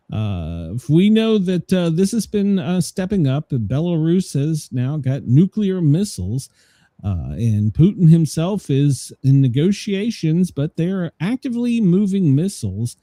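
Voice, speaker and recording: A man's voice: a little high, warm tone, no echo. A man hosting a casual news commentary show, rambling with many fillers and laughing at his own jokes. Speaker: show host.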